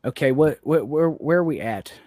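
A man's voice: on the high side, expressive, moderate pace, mellow, no echo, clean studio sound, soft background music. A man co-hosting a comedy podcast, playing through improv scenes in a hesitant, stammering, playful way. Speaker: podcast co-host.

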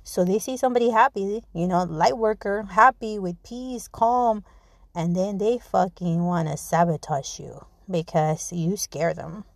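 A woman hosting her own podcast in casual talk, blunt and animated, swearing freely and often restarting her sentences. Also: medium pitch, a little slow, vocal fry, no room sound. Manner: restarts and repeats words often. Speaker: podcast host. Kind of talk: casual spoken monologue.

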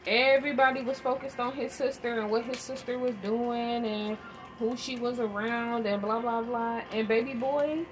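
A woman's voice: fairly high pitch, moderate pace, faint music behind, low-quality recording. A woman telling a candid story in a blunt, emphatic monologue about parenting. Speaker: parenting vlogger. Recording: steady audible background noise.

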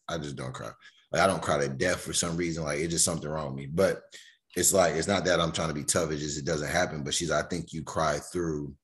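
A man co-hosting a podcast, telling stories in relaxed casual chat and retelling what friends said. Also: very deep voice. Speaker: podcast co-host.

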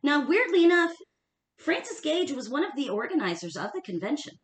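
A woman's voice: high voice, big pitch swings, normal speed, roomy sound. A woman co-hosting a casual history podcast, talking emphatically and laughing often. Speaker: podcast co-host.

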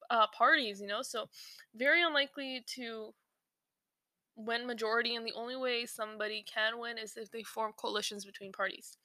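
A woman's voice: fairly high pitch, steady tone, fairly quick, sharp tone, no echo. Rambling young woman podcaster. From South Asia. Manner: rambling, many fillers and restarts. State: slightly out of breath while eating. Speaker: podcast host. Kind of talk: casual podcast chat.

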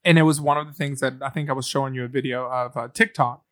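A woman's voice: a bass voice, steady tone, fast, fairly bright tone. A woman co-hosting a podcast in casual chat. She jokes around and laughs often. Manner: playful, jokey, laughs often. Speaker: podcast co-host.

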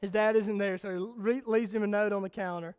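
A man's voice: sits high, fairly even intonation, a little fast, darkish tone, smooth, faint music behind. A man preaching a sermon as a pastor, telling a story earnestly and repeating words as he goes.

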